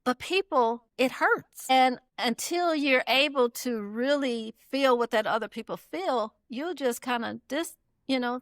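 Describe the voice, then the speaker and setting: A woman's voice: fairly high pitch, fairly bright tone, no echo, clean studio sound. A middle-aged woman talking earnestly as a guest, stressing her points and repeating them. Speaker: guest, community builder. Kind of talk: casual conversation.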